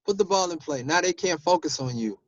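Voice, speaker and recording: A sports official telling a story in a casual group discussion, animated and given to repeating himself. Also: male voice, a little high, fairly quick, dull audio.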